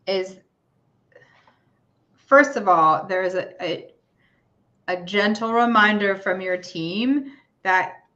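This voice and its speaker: Gentle rambling woman on a lo-fi stream. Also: medium pitch. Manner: gentle, rambling, casual with soothing guidance. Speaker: spiritual reader and stream host. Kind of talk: guided meditation and tarot reading livestream. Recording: dull lo-fi stream audio.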